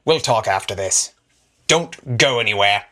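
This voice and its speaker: A man's voice: lowish voice, animated, unhurried, bright, forceful tone. A man voicing a small, intense kobold who speaks bluntly. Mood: tense. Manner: blunt, pushy.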